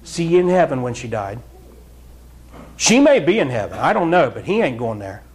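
A man's voice: medium pitch, big pitch swings, normal speed, breathy edge. A man preaching a fiery, blunt sermon in church, scolding the congregation. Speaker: pastor.

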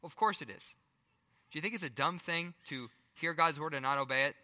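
Male pastor, middle-aged, sermon, very bright voice, rhetorical questions. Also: a little high, brisk, in a large hall. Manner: dynamic preaching, rhetorical questions, swings from loud to hushed.

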